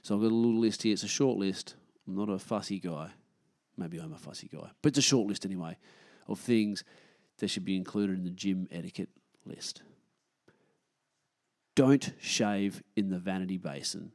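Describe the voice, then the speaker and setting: A man's voice: low voice, fairly quick. Ranting, foul-mouthed Australian man. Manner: blunt, heavy swearing, gets loud when annoyed. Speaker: podcast host. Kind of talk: casual solo rant.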